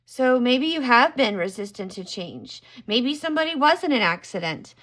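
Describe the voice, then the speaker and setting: A woman's voice: a little high, big pitch swings, moderate pace, fairly bright tone. Musing woman reading tarot cards. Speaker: tarot card reader. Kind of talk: casual tarot reading to camera.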